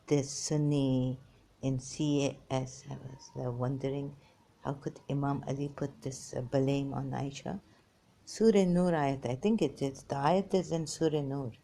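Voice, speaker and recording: A woman's voice: low voice, dark tone. A woman hosting a religious commentary monologue, rambling and emphatic, speaking non-native English and reading scripture passages aloud. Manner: emphatic, repetitive, swinging between muttering and exclaiming. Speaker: religious commentary channel host.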